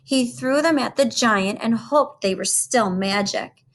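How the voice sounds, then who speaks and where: A woman teacher reading a storybook aloud to children, slow and expressive. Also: medium pitch.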